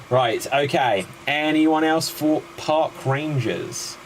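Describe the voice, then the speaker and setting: A man's voice: on the high side, animated, measured pace, a little hiss or hum, low-quality recording. A man hosting a live improv comedy show, chatty and upbeat as he introduces the games. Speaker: host.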